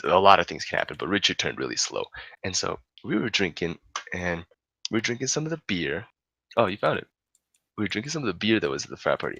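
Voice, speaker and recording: A man's voice: low voice, creaky, bright, forceful tone, slightly rough, no room sound. A young man telling a long story to friends in a casual, profane way, laughing often. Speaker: storyteller on a podcast.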